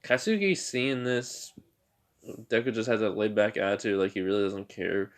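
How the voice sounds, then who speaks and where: A man's voice: on the low side, normal speed. Rambling young-sounding guy telling a fan story. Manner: rambling with many fillers and restarts. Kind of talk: casual fan-fiction retelling.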